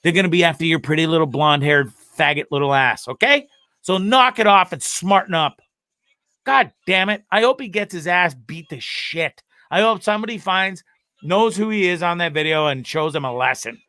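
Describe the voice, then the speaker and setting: A man with a bright, forceful voice pitched a bit above the usual, hosting a live web show in a casual, profane way. He rants and laughs freely between topics. The sound is dry and close. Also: lively intonation, normal speed, no room sound. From Canada. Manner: profane, ranting and laughing often. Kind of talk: casual live-stream chat.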